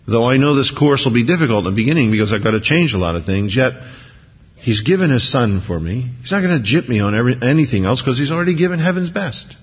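Preaching as a pastor, this man talks conversationally, posing rhetorical questions and often restarting his sentences. His voice sits in the mid range and is slightly rough. Long hall reverb trails through the dull, lo-fi audio.

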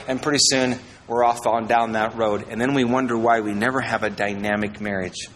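A pastor from Iowa preaching a sermon, reading verses and adding jokey asides, swinging between loud and quiet. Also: male voice, medium pitch, fairly even intonation, normal speed, in a large hall, a little hiss or hum, poor audio.

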